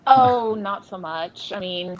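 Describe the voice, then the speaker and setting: A woman's voice: medium pitch, slow, highs cut off, a little hiss or hum. A woman joining her husband's live stream in casual chat, giggly and easygoing. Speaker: host's wife, guest.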